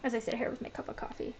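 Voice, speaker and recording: A woman with a slightly high, somewhat mellow voice, recorded with the highs cut off. She's streaming a building game and chatting casually to herself, saying "like" a lot in what she calls her Valley Girl way of talking, giving easygoing gameplay commentary.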